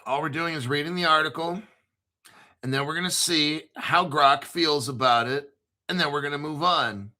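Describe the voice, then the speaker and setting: Man in his fifties, crypto vlog host, combative profane rant, high-ish voice, very sharp forceful tone. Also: moderate pace. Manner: emphatic, repeats himself. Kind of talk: casual ranting commentary.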